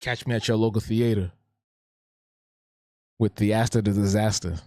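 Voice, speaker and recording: A man's voice: lowish voice, fairly even intonation, moderate pace, mellow, no room sound, clean studio sound. A man hosting a live drawing stream, chatting casually in a laid-back, slangy way and often repeating his phrases. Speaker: live-stream host and artist.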